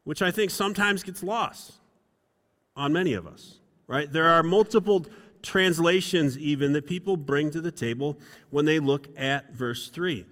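A man's voice: on the high side, moderate pace, fairly bright tone. A middle-aged male pastor preaching a sermon, chatty and self-deprecating as he tells stories from the pulpit. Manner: conversational, self-deprecating storytelling. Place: church sanctuary. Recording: long reverb in a hall.

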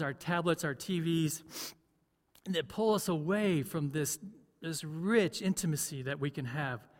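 A man's voice: fairly high pitch, in a large hall. A man preaching a sermon as pastor, conversational, often asking the congregation questions. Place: church.

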